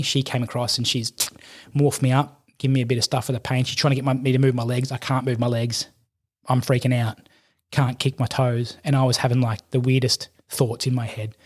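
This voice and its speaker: Australian man, middle-aged, husky voice, lively swearing storyteller, mid pitch, podcast guest. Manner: animated, swears, acts out quotes. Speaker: podcast guest, army veteran. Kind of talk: casual storytelling.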